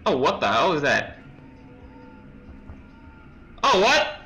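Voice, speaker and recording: Young male let's-player, bright tense voice, jumpy horror-game commentary full of nervous laughs. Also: fairly high pitch, wildly swooping pitch, slow, soft background music, low-quality recording. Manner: jumpy reactions, reading game text aloud, nervous laughs. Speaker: let's play gamer.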